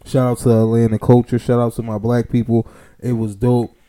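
A man chatting casually on a podcast, hyped and full of shout-outs. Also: medium pitch, flat delivery, a little fast. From Philadelphia. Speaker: podcast host.

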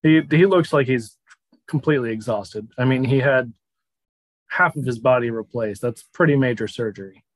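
A man's voice: mid-range voice, no room sound, rough recording. Laid-back male game master, dry mic. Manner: relaxed, laughs often, slows down for narration. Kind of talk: narrating a tabletop game.

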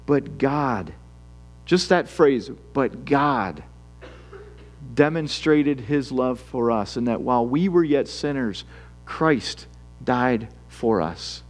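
A man preaching a sermon in an earnest, conversational way, acting out worried prayers and reading Scripture aloud. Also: medium pitch. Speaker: pastor.

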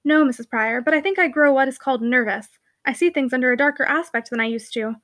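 A woman's voice: sits high, fast talker, a bit bright, no echo. A woman doing an anxious, melancholy young woman. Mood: troubled. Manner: earnest and troubled.

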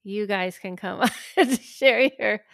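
A woman hosting a podcast in casual chat, rambling with lots of fillers and lively acted-out quotes. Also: medium pitch, unhurried, gravelly, no room sound, studio quality. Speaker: podcast host.

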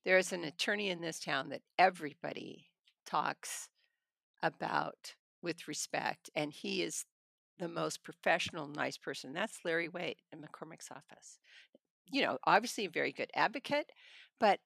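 A woman's voice: low voice, moderate pace, vocal fry, a bit bright, dry recording, studio quality. A middle-aged woman, a trial attorney, telling blunt stories in a casual podcast conversation and laughing often.

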